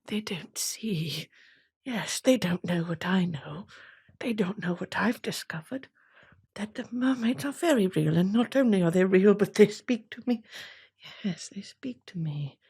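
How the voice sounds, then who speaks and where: A woman voicing a secretive woman who believes mermaids speak to her, in a whispered role-play with a breathy, hushed, conspiratorial manner. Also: mid-range voice, moderate pace.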